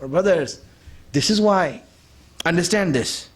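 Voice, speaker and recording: High-voiced man preaching emphatically. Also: animated, slow, husky. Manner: emphatic, repeats key points, asks rhetorical questions; conversational, addresses the audience directly. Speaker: religious speaker. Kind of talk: sermon.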